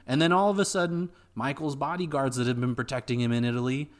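A young man co-hosting a podcast, summarizing a film in a steady, orderly way with dry asides. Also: mid-range voice, quick pace. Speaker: podcast co-host. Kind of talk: casual film recap chat.

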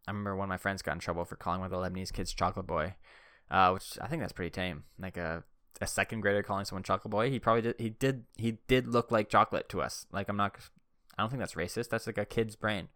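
Young man, rambling casual storytelling, bright crisp voice, dry close sound. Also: on the low side, no echo. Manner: rambling, heavy use of "like" and "uh". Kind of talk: casual anecdote-telling.

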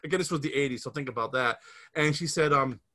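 A man's voice: mid-range voice, fast talker, sharp tone. A man in his fifties from the Scranton area of Pennsylvania, hosting a casual podcast and telling a rambling story full of restarts. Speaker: podcast host.

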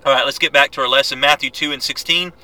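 A man teaching a Bible lesson, reading scripture aloud and exhorting his listeners in an earnest, quick-paced way with frequent restarts. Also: mid-range voice, steady tone, bright, forceful tone, low-quality recording.

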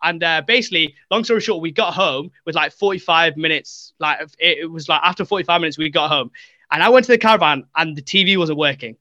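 A man's voice: a little high, fast talker, dry recording, muffled recording. A young man guesting on a podcast, telling a story casually, acting out quotes with lots of fillers. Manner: animated, acts out quotes, many fillers.

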